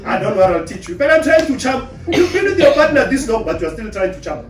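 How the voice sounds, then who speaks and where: A South African man giving an animated motivational talk on relationships to an audience. He acts out the voices of the people he quotes. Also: very high-pitched, fast talker. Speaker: relationship speaker. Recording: echoey room, distant mic, faint hum.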